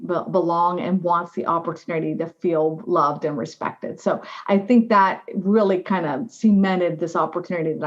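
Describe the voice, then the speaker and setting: Animated woman telling her story. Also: on the low side. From United States. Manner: animated, frequent "right?" and "you know". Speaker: guest, diversity officer. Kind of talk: conversational interview storytelling. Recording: slightly dull lo-fi audio.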